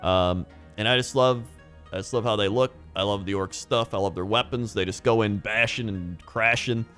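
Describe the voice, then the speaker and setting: A man's voice: fairly low pitch, moderate pace, fairly bright tone, soft background music. A young man talking casually and enthusiastically on his own, rambling with frequent chuckles and restarts. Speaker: hobby video host. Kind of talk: casual monologue.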